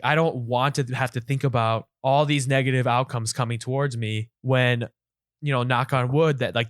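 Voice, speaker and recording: Animated podcast co-host man, dry sound. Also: mid-range voice, dry recording. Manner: animated, exasperated rants with repeated stammered restarts. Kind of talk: casual chat.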